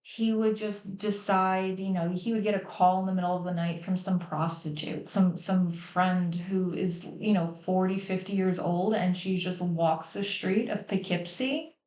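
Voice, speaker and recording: A woman's voice: lowish voice, fairly even intonation, measured pace, hardly any pauses, a little mellow. A woman hosting a livestream, talking candidly and emotionally about her family, swearing freely. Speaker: host. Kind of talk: candid personal talk on a livestream. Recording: echoey room.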